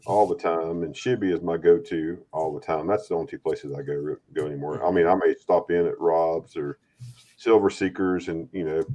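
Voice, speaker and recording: A man's voice: low voice, moderate pace, mellow, rough recording. A man hosting a casual livestream chat, rambling and friendly, often repeating words. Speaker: stream host. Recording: faint background noise.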